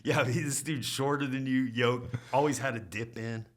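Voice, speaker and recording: A man's voice: medium pitch, moderate pace. A middle-aged man telling service stories in casual chat, acting out what others said. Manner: animated storyteller acting out quotes. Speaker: podcast guest. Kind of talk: casual storytelling.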